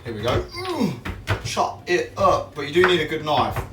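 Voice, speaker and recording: A man's voice: on the high side, very animated, normal speed. A young man chatting casually on a livestream while he bakes, rambling and slangy, poking fun at himself. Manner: rambling, slangy, self-mocking. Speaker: streamer baking on camera. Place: home kitchen. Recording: roomy, distant, clattering kitchen noise.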